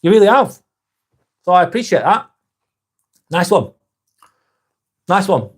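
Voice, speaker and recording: Blunt, foul-mouthed man, slightly high voice. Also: big pitch swings, measured pace, husky. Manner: blunt, swears freely, reads comments aloud and answers them. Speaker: livestream host reading viewer chat. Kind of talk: casual live-stream chat.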